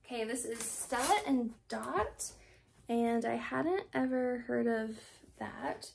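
A woman's voice: a little high, slow pace, creaky, recorded from a distance. A young woman chatting casually at home about her thrift haul, rambling and laughing often. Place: home room.

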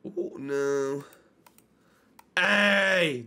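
Young streamer bloke, bright tense voice, swears a lot, chatty. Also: male voice, on the high side, fairly quick. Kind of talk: casual role-play and chat shout-outs.

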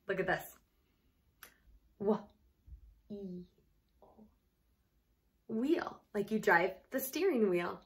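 A woman teacher giving a phonics lesson to young children, sounding out letters and syllables with patient, gentle prompting. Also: mid-range voice, lively intonation, normal speed, few pauses, slightly rough.

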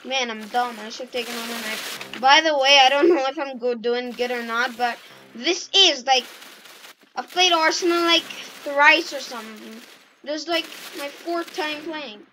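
A woman giving casual, excitable gameplay commentary and shouting at the game. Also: sits high, measured pace, slight background noise, poor audio. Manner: excitable, yelps and shouts at the game, self-mocking. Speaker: gaming YouTuber.

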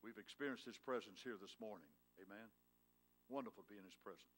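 A male pastor preaching a sermon in a church, swinging from loud, emphatic lines to hushed, tender ones and prodding his congregation with questions. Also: lowish voice, quick pace. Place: church sanctuary.

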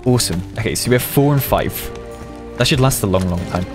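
A man hosting a gaming channel, narrating and chatting with teammates, excitable and nervous. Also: lowish voice, over music. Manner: excitable, nervous, quick reactions. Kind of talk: gameplay voice chat and narration.

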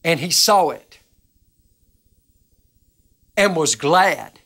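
A woman minister teaching the Bible on a television broadcast, earnest and emphatic, repeating words as she gets excited. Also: sits low, extremely slow.

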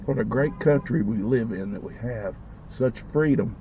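A man with a mid-range voice vlogs casually over a meal at a moderate pace, savoring the food and talking between mouthfuls. The background is noisy and the lo-fi recording sounds dull.

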